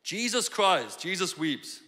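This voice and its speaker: A man preaching a sermon in a church, conversational and animated, acting out the lines he quotes. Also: high-pitched, takes it slowly, long reverb tail. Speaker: pastor. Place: church sanctuary.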